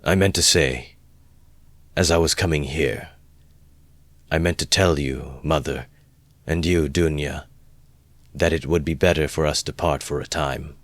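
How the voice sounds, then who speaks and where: A deep-voiced man muttering as a brooding young man. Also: fairly even intonation, no room sound. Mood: grim. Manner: quiet, slow, muttered. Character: feverish brooding young man, resolved and withdrawn.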